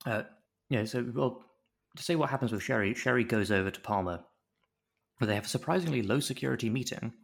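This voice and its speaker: A man's voice: mid-range voice, a little fast, gravelly. A man co-hosting a podcast, recapping a TV show in a rambling, jokey way with swearing and mock-pompous bits. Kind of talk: casual chat.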